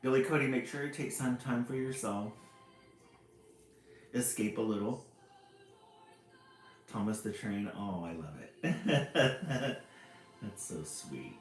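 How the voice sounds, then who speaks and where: A man's voice: lively intonation, takes it slowly, long pauses. Cheery man hosting a livestream chat. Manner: cheery, pitch jumps up when greeting people by name. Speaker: livestream host. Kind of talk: casual livestream chat greeting viewers. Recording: roomy echo with faint music behind.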